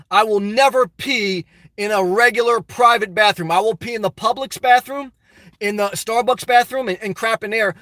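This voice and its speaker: The host of a casual livestream reads chat messages aloud in a rambling, crude style, breaking off into loud, excited rants. The voice is high-pitched, and the recording is dry with studio quality.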